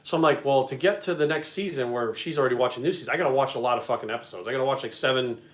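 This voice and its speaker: A man telling a story in casual chat, animated and full of swearing. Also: medium pitch, very fast. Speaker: video creator and host. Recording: echoey room.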